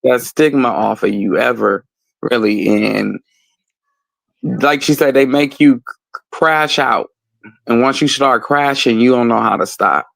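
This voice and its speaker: Laid-back male co-host, gravelly, dry close sound. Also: mid-range voice, a little slow, pauses often, fairly bright tone, no room sound. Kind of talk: casual chat.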